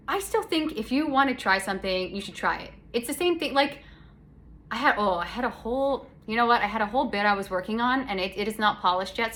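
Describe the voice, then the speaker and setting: A woman's voice: a little high, fairly bright tone. Chatty sarcastic Canadian woman host. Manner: chatty, sarcastic, rambling with self-corrections. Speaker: podcast host. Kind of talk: casual solo chat. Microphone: phone.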